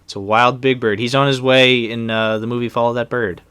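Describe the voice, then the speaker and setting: A man's voice: medium pitch, flat delivery, fairly quick, a bit bright, smooth, no echo. A young man co-hosting a casual movie commentary, talking in a loose, rambling way with lots of fillers. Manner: rambling, loose, with many fillers and trailing sentences.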